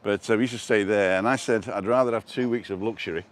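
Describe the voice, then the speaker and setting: This outdoor walking vlog on a seafront promenade features a man who talks fast in a lowish voice. Using a wireless lapel mic, he chats casually and reads out what viewers have commented.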